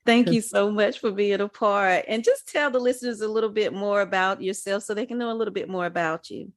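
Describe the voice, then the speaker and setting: A woman's voice: mid-range voice, fairly quick, no room sound, clean studio sound. A woman hosting a faith podcast and interviewing a guest, encouraging and affirming. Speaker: podcast host and pastor.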